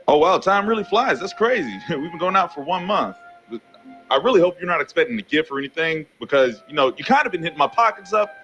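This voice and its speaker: A man's voice: a little high, animated, fast talker, fairly bright tone, muffled recording, soft background music. A man playing an awkward, broke young superhero boyfriend, nervous and rambling in a comedy sketch. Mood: sheepish.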